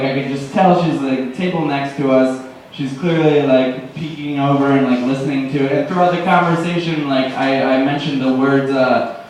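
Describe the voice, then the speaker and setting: A young man doing deadpan open mic stand-up, rambling with lots of fillers. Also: mid-range voice. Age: late teens to early 20s. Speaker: stand-up comedian. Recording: echoey room, distant mic, faint noise.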